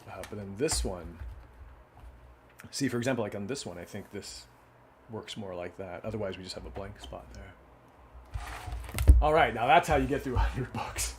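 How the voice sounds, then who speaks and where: A man reading picture books aloud in a casual way, adding relaxed asides between the stories. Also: on the low side, normal speed, pauses often, slight background noise. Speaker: children's book reader.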